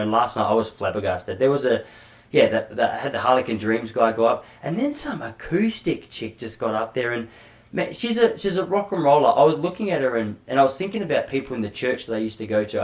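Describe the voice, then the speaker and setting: An Australian man hosting a podcast alone, chatting in a rambling, self-deprecating way with casual swearing. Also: on the low side. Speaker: podcast host. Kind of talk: solo casual monologue.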